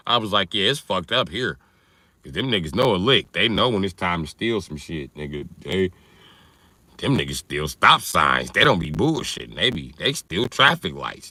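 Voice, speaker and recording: A man's voice: fairly low pitch, pushed and bright, dry recording. Profane man ranting on a livestream. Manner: profane, riffing, replies to chat. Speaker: livestream host. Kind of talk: casual comedic livestream rant.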